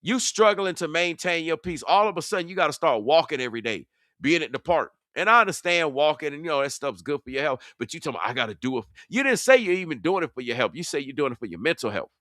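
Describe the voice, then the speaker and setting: A man's voice: on the high side, sing-song, quick pace, pushed and bright, dry recording, studio quality. Confrontational man calling out rivals. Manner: confrontational, preachy, mocking. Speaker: online commentator. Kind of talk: heated reaction commentary.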